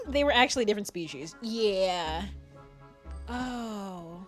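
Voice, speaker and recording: A giggly young woman streamer rambling through casual game commentary, swearing freely. Her high, bright voice jumps all over the place, with quiet game music underneath. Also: expressive, a little slow.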